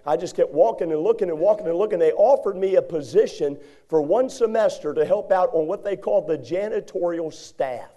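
A man preaching a sermon, telling a personal story in a folksy, animated way and acting out the other people in it. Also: high-pitched, fairly quick, hardly any pauses.

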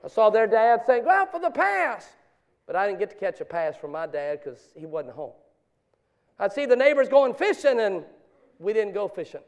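High-voiced preaching man. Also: expressive, moderate pace. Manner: swings from quiet confessional storytelling to loud preaching. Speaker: pastor. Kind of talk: sermon.

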